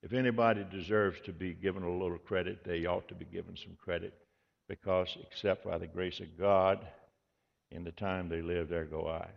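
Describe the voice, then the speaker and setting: A male pastor with a low, gravelly voice delivers an earnest, measured sermon and leans on repetition to drive his points home. The recording is dull and lo-fi, with a long reverb tail from a large church hall. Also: steady tone.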